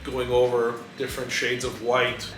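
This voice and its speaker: Dry, matter-of-fact man, bright voice. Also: mid-range voice, completely flat delivery, moderate pace. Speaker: husband joining a vlog. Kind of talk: casual storytelling chat. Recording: roomy echo, faint background hiss.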